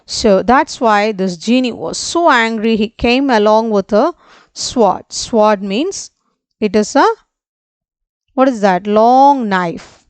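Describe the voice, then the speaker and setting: Indian English woman teacher, slow, crisp, explains words to a class. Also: a little high, dry recording. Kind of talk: classroom story lesson.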